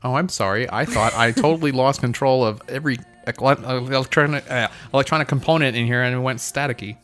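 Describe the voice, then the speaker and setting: A man's voice: medium pitch, fast, a bit bright, soft background music. A man from Pennsylvania hosting a casual podcast chat at a studio mic, wry and teasing, swearing freely. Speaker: podcast host. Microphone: studio mic with foam cover.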